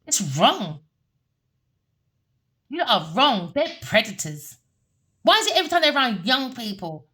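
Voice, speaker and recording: A woman rants through a tarot reading, her fairly high voice heated and full of curses. She repeats herself and scolds the people she talks about. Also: big pitch swings, unhurried, pauses often, sharp tone. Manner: heated, cursing, repetitive. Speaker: tarot reader.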